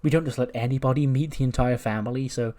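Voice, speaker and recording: A man's voice: mid-range voice, steady tone, fast, warm tone, lightly acted. A man voicing a friendly male wrestler who plays dumb with chummy, feigned innocence. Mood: innocent.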